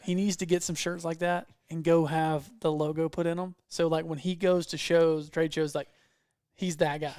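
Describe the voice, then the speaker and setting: A man's voice: fairly high pitch, level tone, normal speed, a little mellow, clean tone, dry recording, studio quality. A man with a Southern US accent hosting a casual podcast chat, joking and laughing often. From American South. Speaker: podcast host.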